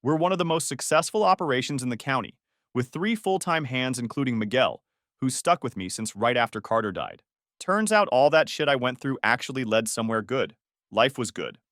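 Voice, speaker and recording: A man in his thirties telling his own story in first person, blunt and plain-spoken. His voice moves around lively in pitch, and the sound is close and dry with no room. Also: normal speed, dry recording. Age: 30s. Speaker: narrator.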